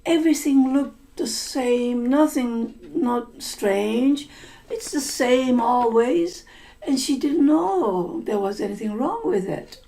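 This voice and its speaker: A woman's voice: high voice, lively intonation, takes it slowly, warm tone, low-quality recording. A woman teacher telling a folk tale to language learners, repeating words and explaining them in simple terms. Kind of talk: story-listening lesson, retelling a folk tale.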